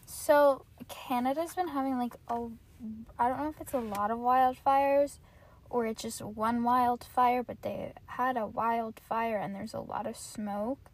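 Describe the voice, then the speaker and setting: A woman's voice: on the high side, fairly even intonation, measured pace. A young woman hosting her own podcast, chatting casually and ranting, cursing freely and saying "like" in nearly every phrase. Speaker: podcast host. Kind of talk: casual solo podcast rant.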